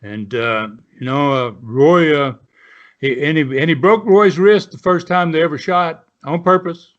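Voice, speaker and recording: A man's voice: a little high, a little slow, muffled recording. A man in his seventies, a former wrestler, tells stories as an interview guest in a rambling way, full of "uh" and "you know" fillers. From Southern United States. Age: 70s. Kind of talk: storytelling in a casual interview.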